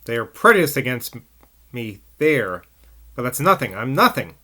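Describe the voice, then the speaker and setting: A man's voice: medium pitch, sing-song, moderate pace, bright, forceful tone. A man voicing an intense, humorless scholarly man who talks emphatically, in a novel reading. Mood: excited. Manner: emphatic, breaks into eager outbursts.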